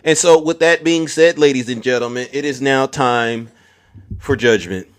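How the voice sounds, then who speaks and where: A man's voice: mid-range voice, moderate pace, background noise. Mocking man hosting a commentary vlog. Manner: mocking and animated, addresses viewers directly. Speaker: host.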